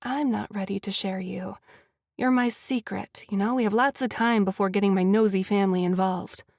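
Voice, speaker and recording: A guarded young woman in love, as a woman reader puts her on. She speaks in a hushed, playful way in an audiobook. The sound is dry and close. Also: mid-range voice, steady tone, moderate pace, creaky, no room sound, lightly acted.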